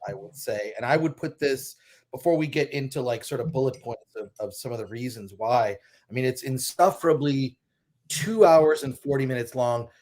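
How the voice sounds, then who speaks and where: Blunt male film critic, mid-pitched. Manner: blunt, critical, thoughtful with restarts. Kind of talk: casual panel chat.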